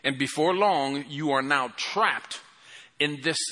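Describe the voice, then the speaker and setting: A man preaching an impassioned sermon in a church hall, swelling loud then dropping to a hushed prayer. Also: fairly high pitch, slow pace. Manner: impassioned, rising and falling, calls for amen.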